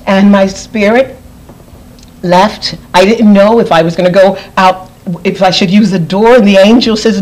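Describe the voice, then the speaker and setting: Woman telling her story to an interviewer, earnest, says things twice for emphasis, mid-pitched voice. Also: fairly even intonation, measured pace, darkish tone, rough recording. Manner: earnest, repeats phrases for emphasis. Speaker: guest. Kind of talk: personal testimony.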